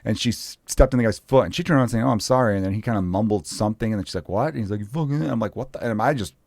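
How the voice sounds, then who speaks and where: A man in his thirties telling profane, animated stories as a comedian guest on a casual podcast. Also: lowish voice, racing, no room sound, clean studio sound. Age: 30s.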